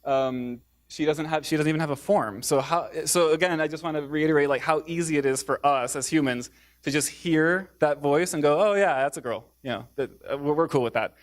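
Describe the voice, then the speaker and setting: A man's voice: on the high side, brisk. A man giving a public talk in a theater, hesitant, with many fillers and restarts. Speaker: speaker.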